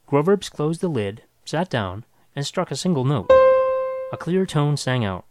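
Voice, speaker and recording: A man reading a science fiction story aloud with dramatic, expressive narration. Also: a little high, unhurried, faint music behind.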